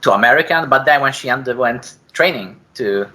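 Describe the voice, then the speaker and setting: A man's voice: mid-range voice, expressive, a little fast, bright, forceful tone, poor audio. A man giving an academic seminar presentation, hesitant, with frequent fillers and self-corrections. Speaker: academic speaker.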